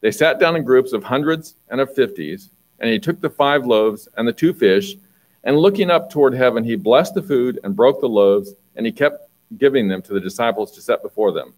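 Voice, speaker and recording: A man preaching a conversational sermon, reading Bible passages and explaining them, often clearing his throat. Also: mid-range voice, expressive, normal speed, a little mellow, poor audio.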